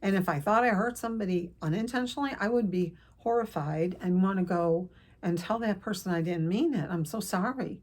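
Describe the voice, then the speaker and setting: An older woman telling a personal family story to camera, earnest and emotional, with pauses and restarts. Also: medium pitch, a little mellow. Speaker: counselor vlogger.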